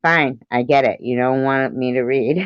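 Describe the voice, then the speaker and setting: With a very deep, slightly slow voice, this livestream host teases her audience in a playful way, responds to chat messages out loud and plays with joke accents. The audio is dull but has no echo.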